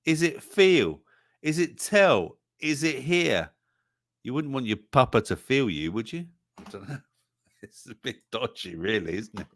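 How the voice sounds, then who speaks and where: A man's voice: mid-range voice, very animated, measured pace, a bit bright, no room sound. A man hosting a livestream song quiz in a jokey, casual way, reading out the chat's answers. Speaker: livestream show host.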